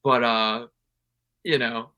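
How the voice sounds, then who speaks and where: A man's voice: medium pitch, fairly even intonation, slow, pushed and bright. A man co-hosting a casual podcast, talking animatedly with lots of "like" and "you know". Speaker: podcast co-host.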